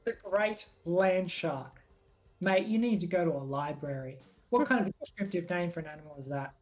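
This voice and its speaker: A woman role-playing her character at a tabletop game in a low voice, ranting indignantly and quickly. Her muffled lo-fi mic sits under faint music. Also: lively intonation, a little mellow. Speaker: player.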